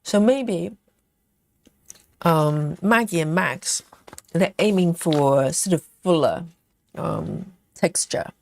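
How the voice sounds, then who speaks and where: A woman hosting a craft livestream, reading viewer comments aloud and thinking aloud with lots of ums in a relaxed, casual chat. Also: on the low side, slow pace, gravelly, long pauses. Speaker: cross-stitch livestream host.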